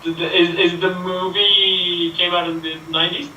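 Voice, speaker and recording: A man's voice: sits high, level tone, normal speed, sharp tone, faint music behind. A man playing a guessing game, asking hesitant, stammering questions. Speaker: contestant. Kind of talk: live game show play. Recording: roomy, distant mic, faint noise.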